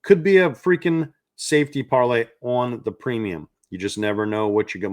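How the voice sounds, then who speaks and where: A man's voice: mid-range voice, normal speed, few pauses, a little mellow, dry recording, clean studio sound. A man hosting a sports betting show, talking in a hyped, salesy way and repeating his points. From not from the South. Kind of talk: energetic betting-picks monologue.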